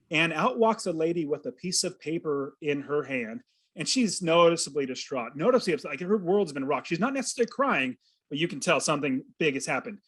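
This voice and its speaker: A man in his thirties, a podcast guest, telling a personal story with earnest, animated feeling and acting out his own thoughts. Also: a little high. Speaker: podcast guest, real estate investor. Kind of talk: storytelling in an interview.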